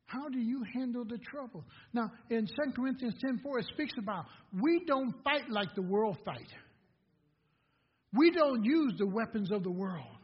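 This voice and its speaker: High, husky-voiced preacher man in a hall. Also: animated, normal speed. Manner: preaching with call-and-response questions, swinging from hushed to loud. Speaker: pastor. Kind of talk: sermon. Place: church sanctuary. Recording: dull lo-fi recording in a reverberant hall.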